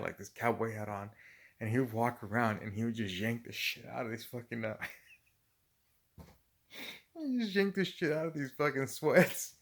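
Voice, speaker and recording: A creaky, mid-range voice belongs to a middle-aged man recounting job stories in a relaxed way. He swears without letup, often dissolves into laughter, and tells it all with animation.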